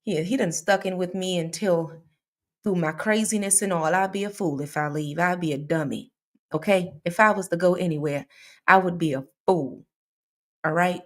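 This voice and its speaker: Chatty low-voiced woman hosting live. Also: normal speed. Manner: chatty, laughs often, addresses viewers as y'all. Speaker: host of a true crime show. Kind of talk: casual live chat with viewers.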